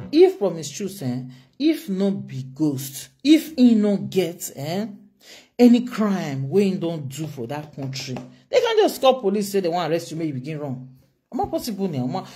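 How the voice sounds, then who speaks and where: A woman's voice: on the low side, warm tone. A woman with a Nigerian accent giving an emphatic commentary monologue as a vlogger, firing off rhetorical questions.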